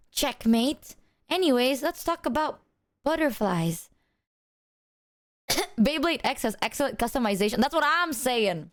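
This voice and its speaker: A woman livestreamer chatting casually to her viewers, her voice sitting a little higher than most. She tells stories with plenty of animation, playing out both sides of each exchange. She swears freely as she goes. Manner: animated storytelling, acting out both sides of a conversation. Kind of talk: casual chat.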